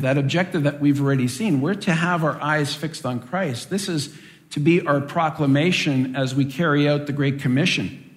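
A man teaching a Bible passage in a measured, deliberate way, posing rhetorical questions and answering them. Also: fairly high pitch, big-room sound. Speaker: preacher teaching from Acts.

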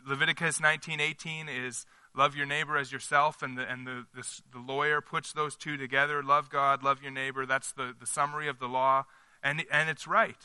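A man's voice: mid-range voice, little pitch movement, moderate pace, pushed and bright, clear, resonant tone, no echo. A man leading a small-group Bible study in a conversational teaching style, putting questions to the group and checking in with them.

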